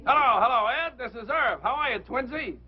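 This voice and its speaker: A man's voice: extremely high pitch, animated, fairly quick, a little hiss or hum. An actor playing a brash, slangy man, talking on the telephone in an old film. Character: brash American man on a phone call. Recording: muffled old telephone sound.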